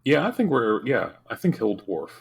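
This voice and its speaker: A man's voice: mid-range voice, sing-song, moderate pace, vocal fry, husky. A man with a Dutch accent, a tabletop game player chatting in a dry, hesitant, self-deprecating way. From Netherlands. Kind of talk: casual chat about a tabletop game. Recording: voice far from the mic.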